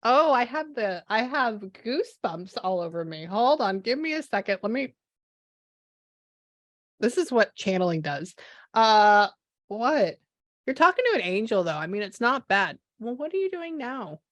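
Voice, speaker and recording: A woman medium talks through a spirit reading at a middle pitch, busily acting out each exchange with "I go" and "she goes." The sound is dry and close, with no room echo. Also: a little slow. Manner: animated, acts out quoted dialogue, frequent "I go, she goes". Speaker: psychic medium. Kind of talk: relaying a spirit reading to a client.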